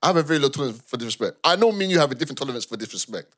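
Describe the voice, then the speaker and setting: Young man, podcast co-host, laughs a lot, repeats himself for emphasis, mid pitch. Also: animated, very fast, fairly bright tone. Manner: laughs often while telling stories, repeats phrases for emphasis. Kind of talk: casual storytelling chat.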